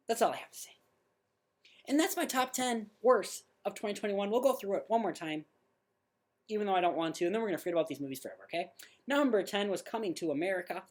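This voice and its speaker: A man's voice: high-pitched, lively intonation, fast. A man hosting a movie podcast in casual chat, blunt and opinionated, who often stumbles over his words and corrects himself. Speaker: podcast host.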